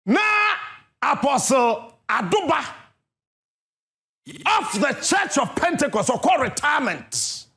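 A Ghanaian man tells his story with a very high voice. His pitch swings widely as he shouts and acts out other people's lines. He sounds like a seasoned radio host. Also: sing-song, takes it slowly, long pauses. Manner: emphatic, often shouting and mimicking others. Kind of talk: animated storytelling monologue.

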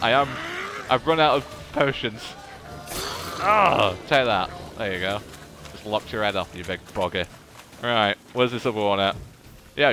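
A man giving animated, chatty let's play commentary as he plays. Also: medium pitch, background noise. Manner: animated, chatty, self-deprecating. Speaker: gaming video host.

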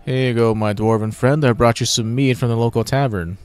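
A man's voice: mid-range voice, fairly even intonation, brisk, darkish tone, clear, resonant tone, soft background music, pitched above the performer's own voice, natural voice. A man voicing a dry, sarcastic male human adventurer. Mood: wry.

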